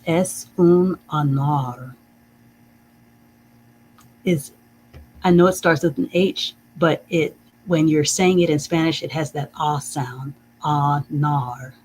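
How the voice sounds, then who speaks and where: A teacher leading a live-streamed reading lesson, saying phrases slowly and carefully, checking in with "okay?" and chuckling often. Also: medium pitch, steady tone, a little hiss or hum, low-quality recording. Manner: reads out viewer comments.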